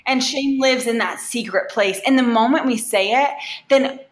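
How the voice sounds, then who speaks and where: A woman in her thirties, a yoga instructor, talking candidly and warmly as a podcast guest, with lots of "like". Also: fairly high pitch, normal speed, echoey room. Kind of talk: casual podcast interview.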